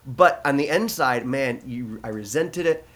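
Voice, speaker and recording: A man's voice: medium pitch, expressive, measured pace, a bit bright. A middle-aged man from the United States tells his own story with a pastor's earnestness. His voice sits in an ordinary middle range. He talks conversationally, often stopping to restart a thought, with plenty of fillers. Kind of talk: conversational testimony in an interview.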